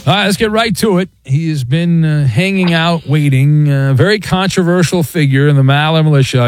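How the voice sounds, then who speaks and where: A man hosting a talk radio show, brisk and teasing as he reads out listener questions. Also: fairly high pitch, faint music behind. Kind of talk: sports talk radio chat.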